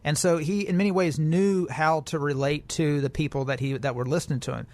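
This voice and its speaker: Male podcast co-host, slightly high voice, casual read-aloud delivery with fillers and restarts. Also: fairly even intonation, brisk, a little mellow. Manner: reads news quotes aloud, with fillers and restarts. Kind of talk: casual political podcast chat.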